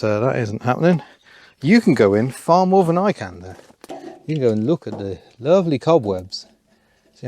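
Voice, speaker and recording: A man's voice: mid-range voice, no echo. A man, commenting casually with dry, self-deprecating asides while he picks through an old car in an overgrown rural yard. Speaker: car vlogger.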